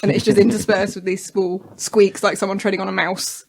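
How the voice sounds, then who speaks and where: A woman's voice: medium pitch, flat delivery, brisk, slight background noise. A woman chatting casually on a podcast, with a wry, teasing manner. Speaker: podcast co-host. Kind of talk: casual chat.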